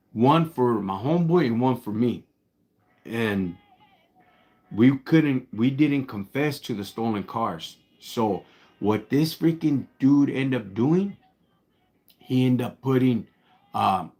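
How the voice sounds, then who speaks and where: Host, male, Chicano English accent, mid-pitched voice, easygoing street-slang storyteller on a live stream. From Los Angeles, United States. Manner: slangy and laid-back, breaks off to thank viewers. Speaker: livestream host.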